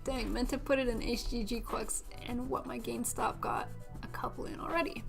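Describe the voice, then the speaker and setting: A woman's voice: on the high side, fairly even intonation, brisk, creaky, over music. A woman streamer chatting casually at home, giggly and talkative. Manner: giggly, chatty, baby-talks to her cats.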